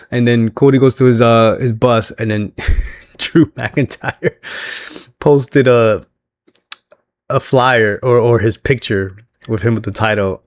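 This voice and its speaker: A man's voice: mid-range voice, dry recording. A man casually recapping a wrestling show on his own, chatty and laughing often as he acts out what the wrestlers said.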